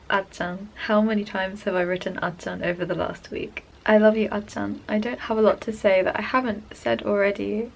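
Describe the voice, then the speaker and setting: A woman's voice: mid-range voice, creaky, poor audio. A young woman talking in a personal diary vlog, gushing and emotional as she rambles about a musician she adores. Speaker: fan vlogger.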